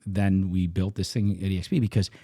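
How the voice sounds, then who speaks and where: A man's voice: brisk, no room sound, clean studio sound. A middle-aged man, a real estate coach, telling a story in casual talk and acting out the voices of the people in it. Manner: animated, acts out dialogue, swings between low and high.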